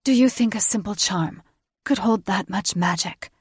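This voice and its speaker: A woman's voice: mid-range voice, moderate pace, slightly rough, no room sound, clean studio sound. A woman voicing a haughty fae queen in an audiobook, speaking with clipped, imperious commands. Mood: cold commanding. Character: haughty regal fae queen, cold and condescending. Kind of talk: audiobook character voice.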